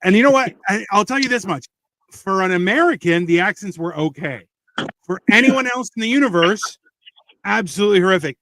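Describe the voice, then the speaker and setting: A laid-back man hosting a podcast, reading out viewer comments with wry, rambling asides. His voice sits somewhat high for a man. It is recorded close and dry, with no room sound. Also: lively intonation, fairly quick, a bit bright, no echo. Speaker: podcast host. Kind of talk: casual chat reading live comments.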